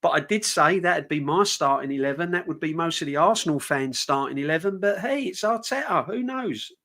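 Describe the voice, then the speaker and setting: A man hosting a live stream on a fan channel rants passionately, fuming and repeating himself. His voice is a little high and a bit bright, animated and slightly fast.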